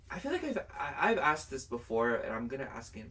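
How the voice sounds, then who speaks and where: A man's voice: medium pitch, lively intonation, normal speed, hardly any pauses, distant mic, very noisy. A young man chatting casually through a pick-a-card tarot reading to camera, rambling and filling his talk with "like". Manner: chatty and rambling, heavy use of "like". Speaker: tarot reader.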